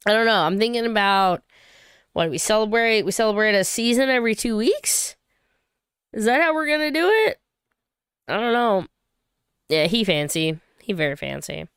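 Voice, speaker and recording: Woman host from Saint Louis, bubbly casual stream chatter, clean smooth tone, dry close mic. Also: fairly high pitch, dry recording. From Saint Louis, USA. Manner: bubbly, chatty, quick to laugh and cheer. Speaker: livestream host. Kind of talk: casual livestream chat.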